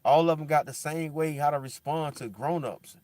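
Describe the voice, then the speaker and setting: At a moderate pace, a man rambles casually in slang, leaning heavily on "bro" and "dog." The recording is dry, and his voice swings from big animated bursts to a low, somber murmur.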